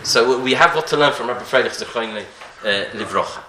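Male rabbi, Torah class, bright and fairly high-pitched, animated, asks rhetorical questions, roomy echo. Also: fairly quick, slight background noise. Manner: rhetorical questions, frequent restarts, Hebrew and Yiddish terms. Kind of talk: Talmudic lecture. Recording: echoey room.

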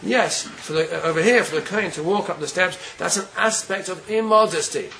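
Man, rabbi lecturing, gravelly with a faint noise floor behind. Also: sits high, brisk, sharp tone, poor audio. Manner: earnest, repeats words while searching, Hebrew terms. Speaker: rabbi giving a Torah class. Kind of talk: Torah lecture.

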